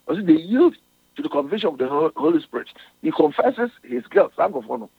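Heard over a tinny radio broadcast, a man preaches a sermon, reading scripture in English and explaining it in Twi. His voice is on the high side, slightly rough, with no room sound, and his delivery is halting, with frequent restarts.

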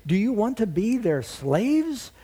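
A man's voice: very high-pitched, lively intonation, normal speed, a little mellow, pitched above the performer's own voice. A man voicing a young shepherd boy, indignant and eager, asking pleading, outraged questions.

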